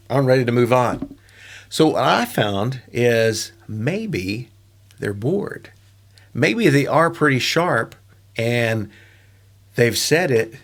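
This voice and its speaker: A middle-aged man talks through his teaching tips in a loose, conversational monologue. His voice sits at an ordinary middle pitch, and he wanders into asides and fillers as he goes. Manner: relaxed, chatty, with frequent fillers and asides. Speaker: online English teacher giving tips.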